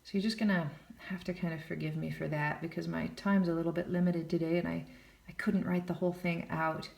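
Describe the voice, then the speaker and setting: In an echoey room with piano playing underneath, a woman teaches a casual jazz piano lesson, counting beats out loud, scatting, and joking at her own expense. Her voice is on the low side, a little mellow with vocal fry, and her delivery is flat and brisk.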